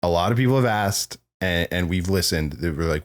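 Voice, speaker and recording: Male co-host, lively swooping delivery, lowish voice, rambling chatty storyteller who laughs a lot. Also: brisk. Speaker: podcast co-host. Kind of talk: casual chat about films.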